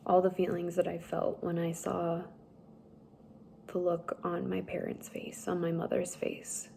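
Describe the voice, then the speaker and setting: A young woman slowly telling a personal story, halting and emotional at times. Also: lowish voice, completely flat delivery, gravelly, warm tone, a little hiss or hum. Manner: slow, halting, tearful at times. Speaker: speaker sharing a personal story.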